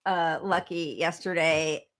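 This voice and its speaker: A woman's voice: lowish voice, fairly even intonation, takes it slowly, a bit bright. A woman in her forties co-hosting a podcast, chatting casually with frequent laughs and fillers. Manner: chatty and giggly, with many fillers. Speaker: podcast co-host.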